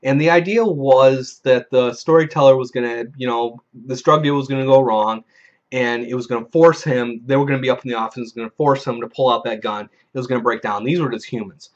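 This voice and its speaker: Brisk and medium-pitched, a video host casually tells a long-winded, swear-filled tabletop game story, impersonating the players whose lines he quotes. The audio comes across as dull and lo-fi.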